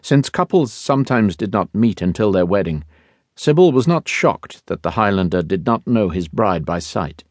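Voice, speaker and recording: A man narrating a historical romance audiobook in measured, expressive storytelling. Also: on the low side, dry recording. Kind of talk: scripted narration.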